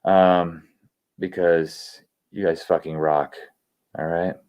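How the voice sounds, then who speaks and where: A man hosting a livestream, swearing constantly as he rants excitedly and reads out viewer shout-outs. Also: low-pitched, takes it slowly, smooth. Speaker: livestream host. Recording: dull lo-fi stream audio.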